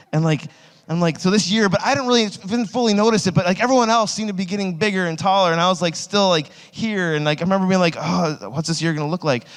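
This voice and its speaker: On two stage microphones, a man in his thirties with a clean, somewhat high voice delivers a sermon as a youth pastor. His personal story rambles, mocks himself, and leans heavily on "like." The large hall, full of audience, gives a long reverb.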